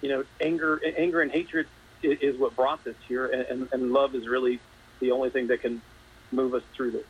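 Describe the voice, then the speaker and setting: A man, a state representative in a live news interview, speaking earnestly and haltingly, still emotional. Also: medium pitch, flat delivery, breathy edge, muffled recording. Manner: earnest, halting, repeats words.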